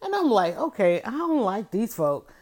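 A middle-aged woman hosting a motivational livestream, speaking in an animated, preachy way and often telling listeners to write things down. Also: mid-range voice, normal speed. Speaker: livestream host.

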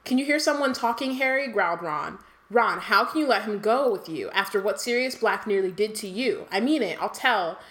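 A woman co-hosting a casual book podcast, reading passages aloud and riffing on them in an animated way. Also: medium pitch, moderate pace, few pauses. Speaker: podcast co-host.

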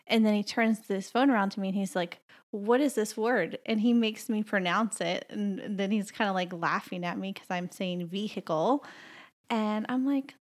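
A woman's voice: medium pitch, moderate pace. Chatty Southern-born woman podcaster. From Southern United States. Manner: chatty, rambling, laughs often. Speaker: podcast co-host. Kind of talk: casual podcast chat.

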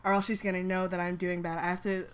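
A woman voicing a haggard, tired young man who hides his feelings and talks in a halting, defensive way. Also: on the low side, little pitch movement, clear, resonant tone, lightly acted. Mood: guarded.

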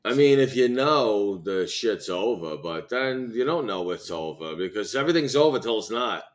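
A man's voice: fairly low pitch, animated, moderate pace. A man co-hosting a podcast, telling rambling, profane stories and acting out what people said. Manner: profane, rambling storyteller who acts out quotes. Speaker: podcast co-host. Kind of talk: crude casual banter.

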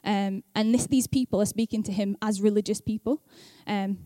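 A woman's voice: medium pitch, steady tone, moderate pace, mellow, no echo. A young woman speaking at church in a chatty, self-deprecating way, laughing often, then reading scripture aloud. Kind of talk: casual talk and scripture reading.

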